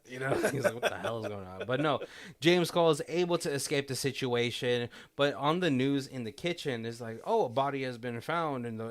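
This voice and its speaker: A man's voice: mid-range voice, fairly bright tone. Man chatting casually about a film. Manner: rambling, acts out film characters' lines with laughs. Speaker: podcast co-host. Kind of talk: casual movie commentary chat.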